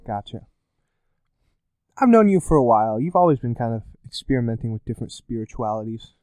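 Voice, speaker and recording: A man's voice: medium pitch, big pitch swings, a little fast, dark tone, clean tone, no room sound. A young man co-hosting a podcast in casual chat, teasing his friend and laughing often. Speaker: podcast co-host.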